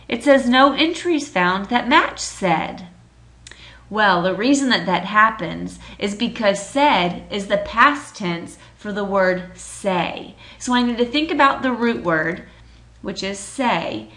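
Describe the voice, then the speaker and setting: A woman teacher giving a writing lesson, explaining each step slowly and deliberately. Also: mid-range voice, sharp tone.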